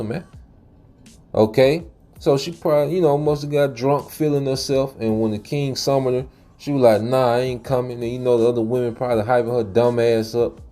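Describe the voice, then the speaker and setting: Preachy man with a dark mellow voice. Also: on the low side. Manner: preachy, repeats "man" and "okay"; frequent laughs and fillers. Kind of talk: casual monologue.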